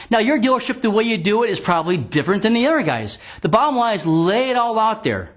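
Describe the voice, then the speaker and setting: A male sales trainer with a fairly high voice delivers a studio training lecture. He talks emphatically, repeats key words for weight and slips into sample call lines to demonstrate. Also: very animated, fast talker, few pauses. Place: green screen studio.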